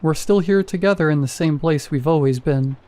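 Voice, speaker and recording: A man voicing a calm husband in a spoken horror story, soft and reassuring. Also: fairly high pitch, fairly quick, lightly acted. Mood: gentle concern. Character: worried husband, gentle and soothing.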